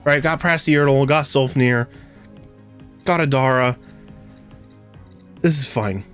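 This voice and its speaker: A man's voice: mid-range voice, slow, a bit bright, soft background music. A young man commentating his own card game play, ranting and swearing as his frustration builds. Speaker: gaming streamer. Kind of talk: gameplay commentary.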